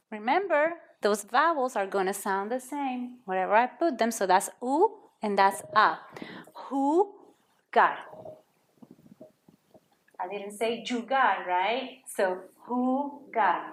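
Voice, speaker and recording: A woman's voice: a little high, animated, takes it slowly, roomy sound. A woman teaching a Spanish lesson to children, patiently sounding out words and repeating them for students to copy.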